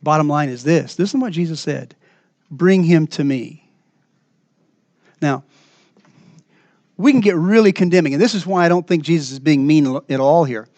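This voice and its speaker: A man's voice: a little high, lively intonation, brisk, no echo. Earnest man preaching in a dry sound. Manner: earnest, emphatic, swings between raised and hushed delivery. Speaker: pastor. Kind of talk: sermon. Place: church.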